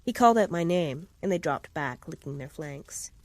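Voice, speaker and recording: A woman narrating first-person fiction in a steady, measured reading. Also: sits low, no echo.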